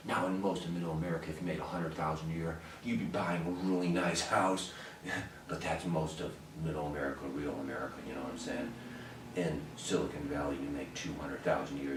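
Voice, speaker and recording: A man's voice: very deep voice, steady tone, fairly quick, background noise. A man doing a sarcastic comedic rant from home, taunting and repeating his jabs with fake apologies. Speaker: comedy vlogger.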